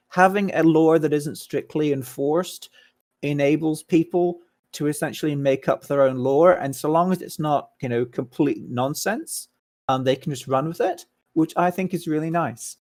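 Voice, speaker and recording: A man's voice: fairly high pitch, moderate pace. A staff member in an online meeting, speaking emphatically and repeating his main point. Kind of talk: casual voice-chat meeting.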